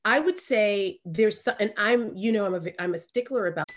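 A woman from Alabama with a Southern accent, co-hosting a podcast in animated, emphatic casual chat. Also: medium pitch, a little fast. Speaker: podcast co-host.

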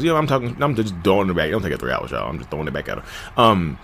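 A man's voice: wildly swooping pitch, very fast, creaky. A man in his thirties hosting a podcast, telling his own story in a candid, conversational way and calling his listeners "y'all". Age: 30s. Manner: jumps to shouting pitch when reenacting arguments. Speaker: podcast host. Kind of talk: personal storytelling monologue.

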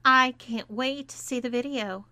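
A woman voicing a cruel young woman who mocks and orders others around, in a fairly high voice. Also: a little slow, bright, forceful tone, no room sound, soft background music, heavily acted. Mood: mocking. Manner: mocking, commanding.

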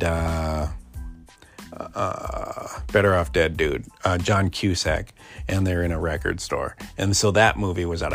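A man's voice: deep voice, gravelly. A man in his forties telling a personal story in a casual, rambling way, full of fillers and restarts. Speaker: podcast host.

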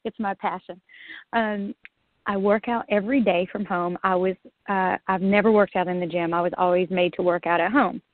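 Lively woman on a tinny line. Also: mid-range voice, moderate pace, no room sound. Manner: lively, acts out her own past remarks, laughs often. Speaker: guest. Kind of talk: casual storytelling in an interview. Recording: dry, phone-like line.

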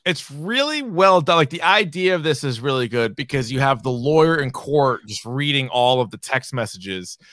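A man's voice: mid-range voice, expressive, normal speed, few pauses, fairly bright tone, dry recording, studio quality. A man co-hosting a podcast, chatting casually and swearing as he ranks comedy sketches. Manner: laid-back, swearing, laughs often. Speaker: podcast co-host.

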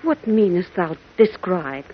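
Old radio drama, sheltered princess talking all thee and thou, lively husky voice, dull lo-fi sound. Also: female voice, lowish voice, takes it slowly, exaggerated voice. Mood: earnest. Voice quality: archaic, formal speech with thee and thou. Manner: earnest and bewildered. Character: sheltered young princess from a hidden city, speaking archaic English. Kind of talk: 1940s radio acting.

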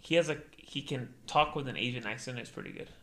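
A man's voice: medium pitch, expressive, a little fast, a crowd in the background. A young man in casual podcast chat, laid-back and joking, swearing often.

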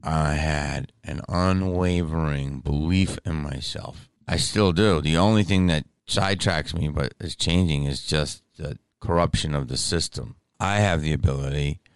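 A man hosting his podcast right after waking up, exhausted and drained, talking candidly in a rambling way with many restarts, his morning voice deep. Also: a little slow, few pauses, smooth, no room sound. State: tired, just woke up. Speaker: podcast host. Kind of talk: casual podcast monologue. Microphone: studio microphone.

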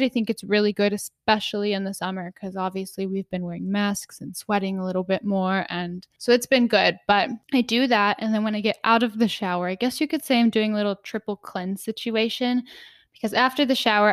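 A woman's voice: medium pitch, fairly even intonation, a little fast, fairly bright tone, no room sound, clean studio sound. A young woman co-hosting a podcast, talking casually and filling her talk with "like". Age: young adult. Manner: chatty, lots of "like" fillers. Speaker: podcast co-host. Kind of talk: casual chat.

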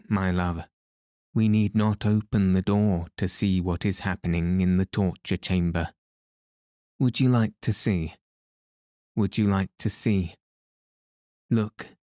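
A man's voice: low voice, dark tone, no room sound, clean studio sound. A man reading the lines of a menacing, jealous masked man in an audiobook, with a threatening delivery.

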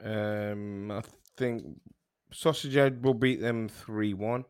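Low-voiced man with a dry sound. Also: fairly even intonation, a little mellow, smooth, no echo. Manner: measured, many fillers. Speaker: podcast co-host. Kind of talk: casual football podcast chat.

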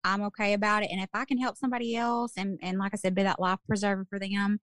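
A woman, co-hosting a podcast in casual chat, self-deprecating and quick to laugh. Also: medium pitch, flat delivery, a bit bright, no room sound. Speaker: podcast co-host.

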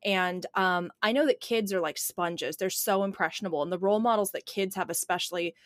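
A woman's voice: medium pitch, fairly quick, no echo, studio quality. A woman in her twenties, a podcast co-host telling stories in casual chat, full of fillers. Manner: chatty storyteller, lots of "like" fillers.

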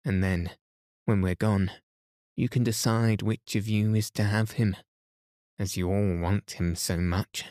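A man voicing a clever boy who keeps calm and talks in a steady, measured way. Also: fairly low pitch, no echo, studio quality, close to an everyday voice. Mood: persuading.

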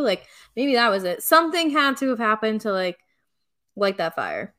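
A woman's voice: on the high side, sing-song, moderate pace, fairly bright tone. A woman co-hosting a podcast, chatting casually and animatedly, laughing often and acting out other people's lines. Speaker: podcast co-host. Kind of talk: casual chat recapping reality TV.

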